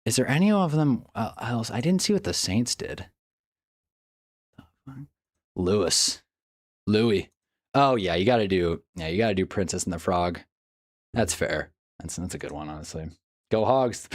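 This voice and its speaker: A man's voice: low voice, expressive, moderate pace. A man live streaming, chatting casually and rambling as he reacts to things on screen and talks to his chat, often laughing. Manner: talks to chat while browsing online.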